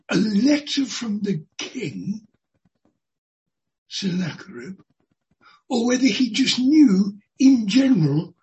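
A preacher giving an expository sermon in a deliberate way, repeating key phrases for emphasis. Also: mid-range voice, poor audio. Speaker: Bible teacher.

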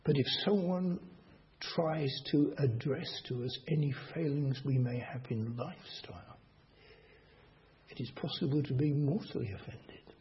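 A man preaching a sermon slowly and deliberately, asking the congregation rhetorical questions. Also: medium pitch. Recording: dull lo-fi recording.

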